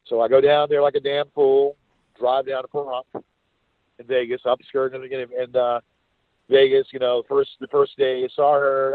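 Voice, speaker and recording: A man's voice: medium pitch, flat delivery, normal speed, dry recording. A man casually telling a rambling, profane story and acting out the quoted voices of the people in it. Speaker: podcast guest telling a story. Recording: dry phone-like sound.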